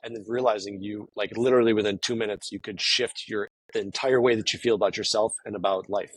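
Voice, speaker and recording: Husky-voiced man, rambling and casual. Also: fairly low pitch, fairly even intonation, fast, no room sound, low-quality recording. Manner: rambling, many fillers and restarts. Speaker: guest, professional poker player. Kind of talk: casual conversation.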